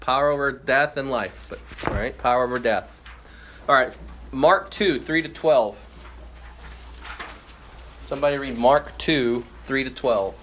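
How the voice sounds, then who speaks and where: A man's voice: mid-range voice, measured pace, long pauses, fairly bright tone. A man teaching a group Bible study, prompting readers and asking questions, who affirms their answers. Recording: slightly muffled with faint hiss.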